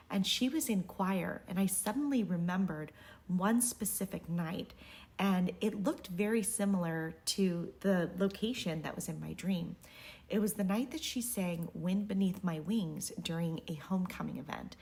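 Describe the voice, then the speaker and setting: A woman telling an earnest, reflective personal story, sometimes dropping to a hush. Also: lowish voice. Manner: earnest, reflective, softly hushed at times. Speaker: realtor sharing a personal story.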